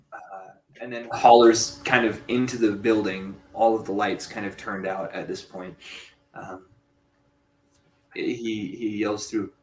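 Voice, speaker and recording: A male game master narrates slowly, stumbling through ums and restarts. He sits back from the mic in an echoey room, with faint ambience behind him. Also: lowish voice, darkish tone, distant mic. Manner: halting, full of ums and restarts.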